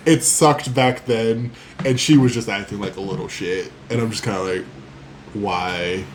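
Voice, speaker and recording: A man's voice: on the low side, measured pace, slight background noise, rough recording. Blunt, sweary young man reviewing a film. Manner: blunt and sweary, many "like" fillers. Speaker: podcast co-host. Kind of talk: casual movie review chat.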